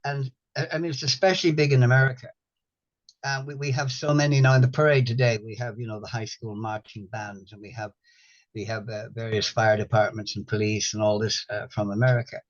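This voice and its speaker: A man's voice: medium pitch, little pitch movement, brisk. An older man hosting a casual chat, rambling and repeating himself with wry humor. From Ireland. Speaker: host. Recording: dull lo-fi sound.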